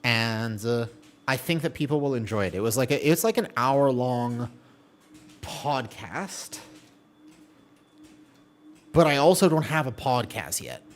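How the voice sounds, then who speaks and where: A man's voice: mid-range voice, lively intonation, unhurried, long pauses. A man streaming a game, chatting casually with his viewers and answering their messages as he plays, often laughing and trailing off mid-sentence. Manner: chatty, reads and answers viewer chat while playing. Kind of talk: casual live-stream chat.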